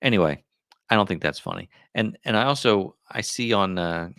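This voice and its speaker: A middle-aged man with a very low voice hosts a casual live chat. He wanders from thought to thought with frequent asides, and the recording sounds dry and close with no room echo. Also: moderate pace, gravelly, a bit bright. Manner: rambling, musing aloud with many asides. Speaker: livestream host.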